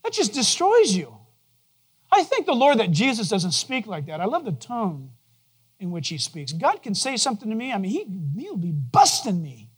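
A man's voice: wildly swooping pitch, moderate pace, breathy edge. Conversational male pastor preaching. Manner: conversational preaching, asks the congregation questions; drops to a soft, low voice to quote God gently. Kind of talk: sermon. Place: church.

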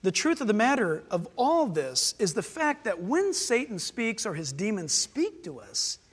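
A male pastor preaching an animated sermon in a church, acting out voices and swinging between loud and soft. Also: high-pitched, unhurried, slightly rough. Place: church sanctuary. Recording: long church hall reverb.

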